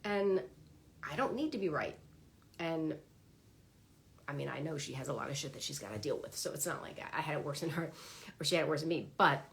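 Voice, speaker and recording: A woman with a low voice that has a gravelly, fry-tinged edge, speaking in a casual livestream monologue. She is chatty and animated, often acting out her own inner thoughts as quick little exchanges. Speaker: vlogger sharing her therapy experience. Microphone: phone or webcam on a livestream.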